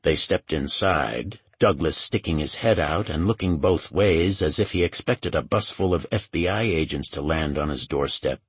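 A man reading a crime novel aloud as its narrator, in a steady, measured way. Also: a bass voice, slightly rough, dry recording. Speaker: audiobook narrator. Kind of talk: scripted narration.

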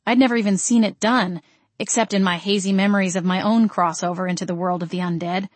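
A woman reading a first-person audiobook in a steady, expressive storytelling voice. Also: mid-range voice, fast talker, no echo. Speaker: audiobook narrator.

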